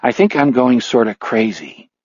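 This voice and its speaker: A man voicing a blind, dry-witted older man in an audiobook, measured and blunt, with a husky tone. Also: mid-range voice, sing-song, no room sound, lo-fi sound. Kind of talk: audiobook character voice.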